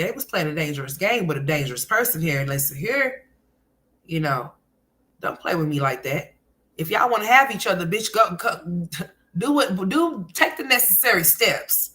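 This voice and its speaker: A middle-aged woman talks through her commentary in a casual, candid way, swearing freely and addressing viewers as honey. Her voice is bright and clear, with a mid-range pitch. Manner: candid, emphatic and profane, calls listeners honey. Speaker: commentary channel host.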